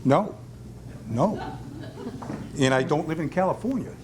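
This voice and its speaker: A man's voice: fairly high pitch, animated, measured pace, noisy background. A man telling a self-deprecating story in a hall of fame acceptance speech at a restaurant event, acting out the voices of the people in it.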